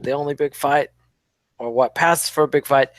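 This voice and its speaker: A man's voice: fairly high pitch, steady tone, normal speed, no echo. A man co-hosting a podcast in casual chat, giving sardonic, wordy rants about fighters. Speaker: podcast co-host.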